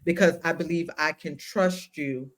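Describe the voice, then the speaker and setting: A woman co-hosting a podcast, speaking reflectively and haltingly, often breaking off and restarting her sentences. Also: deep voice, steady tone. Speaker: podcast co-host. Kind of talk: casual chat.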